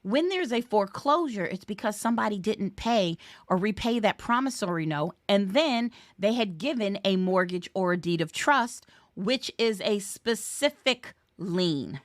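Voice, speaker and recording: A woman's voice: mid-range voice, animated, unhurried, no room sound, studio quality. A woman tutoring real estate exam questions in a live webinar, playful and chatty. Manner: playful, chatty, sings snippets and cheers.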